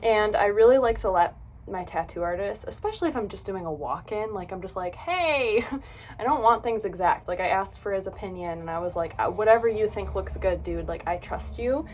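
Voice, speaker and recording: A woman's voice: medium pitch, a little fast, darkish tone, slight background noise. A young adult woman vlogging in a bubbly, gushing way, full of "like" and "oh my gosh". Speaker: book vlogger. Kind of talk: casual vlog chat.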